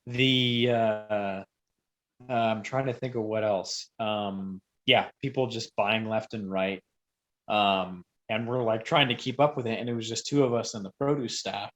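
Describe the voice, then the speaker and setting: A man who is a guest on a podcast, telling a story casually and rambling, with sudden loud bursts when he acts out quotes. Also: lowish voice, fairly even intonation, moderate pace.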